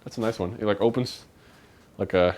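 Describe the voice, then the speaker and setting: A man's voice: on the low side, brisk, crowd noise. A man co-hosting a live stream from a home kitchen, chatting casually while he cooks and thanks viewers for donations. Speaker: streamer co-host.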